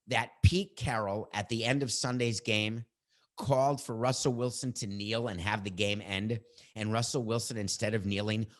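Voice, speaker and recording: A middle-aged man hosting a sports podcast, giving his opinions in a combative, animated way and bantering with his producer. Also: on the low side.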